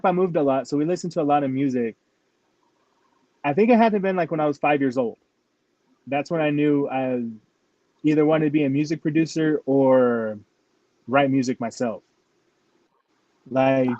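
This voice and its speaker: A man's voice: fairly high pitch, mellow, no room sound, muffled recording. A man, a rapper from New Mexico, telling stories in a casual interview, filling nearly every phrase with "like". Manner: rambling, fills with "like" constantly.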